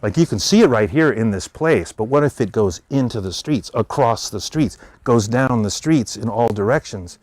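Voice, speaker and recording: A man with an American accent giving an animated public talk, telling stories and voicing characters in quotes. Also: mid-range voice, normal speed, hardly any pauses, no room sound. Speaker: speaker.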